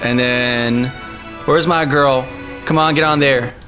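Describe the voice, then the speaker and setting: A man's voice: medium pitch, steady tone, takes it slowly. A man streaming live and chatting casually, laughing often and calling people man and dude. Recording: faint music behind.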